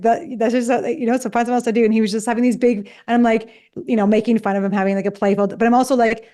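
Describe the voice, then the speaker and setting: A woman's voice: a little high, fast talker, a little mellow. A woman in her forties, a psychologist co-hosting a podcast, talking casually and acting out quoted dialogue with animation.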